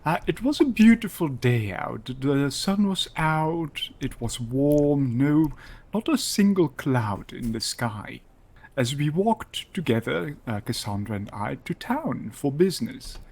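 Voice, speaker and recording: A man's voice: on the high side, sing-song, takes it slowly, a little mellow. A man roleplaying in character, telling a story in a dry, exasperated way over voice chat.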